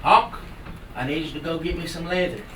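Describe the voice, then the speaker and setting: A man voicing Eagle, a proud bird leader who gives brisk, matter-of-fact orders in a spoken folk tale. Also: fairly high pitch, natural voice. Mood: bossy. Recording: roomy room from far off, noisy.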